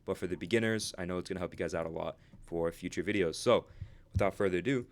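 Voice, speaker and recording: Guy with a deep-ish voice rattling off a casual lesson super fast, keeps saying right?. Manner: fast, chatty, says "right?" constantly. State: out of breath. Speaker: trading instructor.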